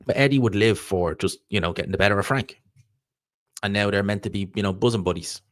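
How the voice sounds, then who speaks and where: A man's voice: lowish voice, quick pace, dry recording, clean studio sound. An Irish man hosting a live stream, chatting casually and rambling through answers to viewer questions. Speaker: livestream host reading viewer chat.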